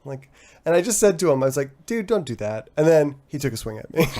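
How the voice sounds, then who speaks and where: A man's voice: a little high, very animated, normal speed, mellow. A middle-aged man co-hosting a casual post-show chat, telling a story with frequent laughter and free swearing. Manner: laughs often while telling stories, swears freely. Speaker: podcast co-host.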